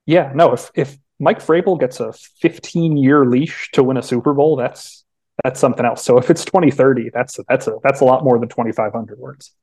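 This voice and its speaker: As a podcast guest in a casual chat, a young sports beat writer spins long stories, often restarting and acting out quotes in different voices. His voice is mellow and warm, mid-range in pitch, at a moderate pace.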